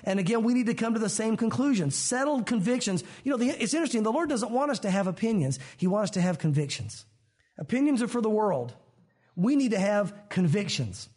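A man's voice: high voice, animated, brisk, a little mellow. A man preaching a sermon, reading scripture aloud and adding conversational asides to the congregation. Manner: expository preaching, reads scripture aloud and acts out quotes with shifting voices. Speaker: pastor.

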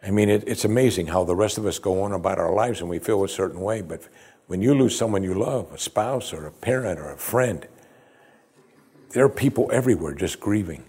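A man's voice: sits low, brisk, warm tone, slightly rough. A male pastor preaching a sermon in a conversational, expository way, with emphatic rises.

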